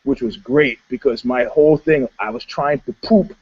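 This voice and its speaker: A man co-hosting a podcast, telling stories in casual chat in an animated, laughing way. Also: medium pitch, moderate pace, breathy edge, muffled recording. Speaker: podcast co-host.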